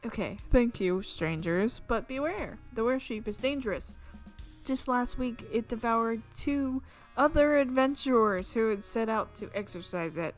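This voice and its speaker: A woman voicing a glum, fretful old farmer woman in a slow, drawling backwoods voice. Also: a little high, faint music behind, natural voice. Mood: warning.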